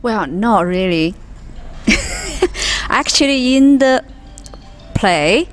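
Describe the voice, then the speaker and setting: A woman being interviewed about her stage role, speaking haltingly in non-native English. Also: a little high, very animated, soft background music. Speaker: interviewee, amateur actor. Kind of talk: casual chat.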